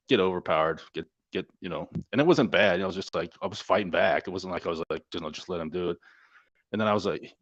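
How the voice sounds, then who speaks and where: A man's voice: low voice, dry recording. A middle-aged man, a former Navy corpsman, telling stories in a casual, profane, laid-back way during an interview. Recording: dull, dry lo-fi sound.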